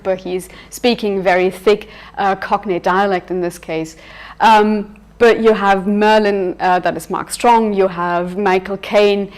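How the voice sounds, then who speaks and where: A woman leads a university seminar over a video call, explaining at an easy conversational pace. She fills pauses with ums and often restarts her sentences. Her voice sits at a middling pitch. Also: a little mellow. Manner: conversational, many fillers and self-corrections. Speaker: university lecturer. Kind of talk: seminar lecture with discussion.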